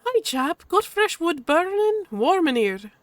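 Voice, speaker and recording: A woman's voice: big pitch swings, unhurried, dry recording, exaggerated voice. A woman doing a perky Irish-tinged weasel woman. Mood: cheeky. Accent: put-on vaguely Irish. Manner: perky, cheeky and raised in pitch. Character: perky small female weasel clanswoman.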